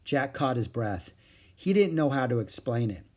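A man's voice: mid-range voice, moderate pace. Man reading a children's story aloud. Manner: lively expressive reading. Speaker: narrator.

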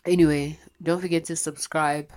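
A young woman talks alone on her podcast, opening up in a confessional way. Her voice is low for a woman. She speaks bluntly and swears freely. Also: level tone, normal speed, darkish tone. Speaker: podcast host.

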